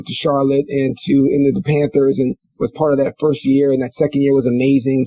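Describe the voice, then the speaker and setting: A man's voice: husky, dry recording. A middle-aged man from Minnesota, a former football player, telling stories in a rambling, casual way with many restarts and fillers. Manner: rambling, many restarts and fillers, laughs into high-pitched bursts. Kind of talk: casual storytelling interview. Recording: dry, phone-like line.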